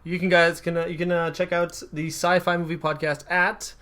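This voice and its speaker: Young male podcast co-host, bright forceful voice, easygoing, laughs a lot. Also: on the high side, moderate pace. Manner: relaxed, chatty, laughs often. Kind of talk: casual chat.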